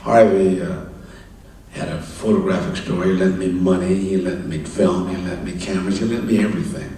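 An older man spins an anecdote in a low voice, stopping for a chuckle and an "uh" now and then. He sounds far from the microphone, and the big room rings around him. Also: warm tone. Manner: anecdotal, chuckling, halting with fillers. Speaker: interview guest. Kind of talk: live stage conversation, storytelling. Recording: roomy, distant mic in a hall.

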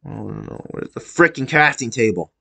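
A man giving casual let's-play commentary, excitable, swinging between mumbled jokey asides and yelling at his game character. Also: mid-range voice, moderate pace, gravelly. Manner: jokey self-talk with wordplay. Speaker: gameplay commentator.

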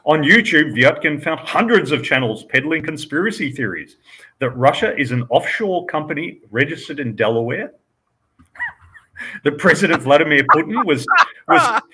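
A bright, husky-voiced man hosting a live show and reading news stories aloud. He keeps breaking off for dry, sarcastic comments and chuckles. His voice has an edge of brightness and grain. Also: medium pitch, low-quality recording. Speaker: podcast host.

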